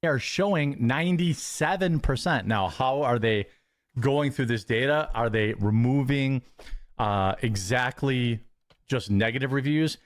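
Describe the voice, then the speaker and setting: Fast-talking man reading out numbers. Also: mid-range voice, no room sound. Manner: rapid, matter-of-fact listing of figures. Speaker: commentator in a played clip.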